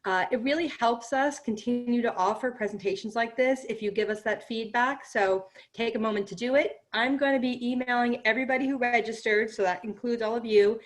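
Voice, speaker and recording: A woman's voice: a little high, a little fast, hardly any pauses. A woman hosting an online presentation, giving casual closing remarks to the audience over a video call. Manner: casual, friendly, addresses audience as "guys". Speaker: webinar host.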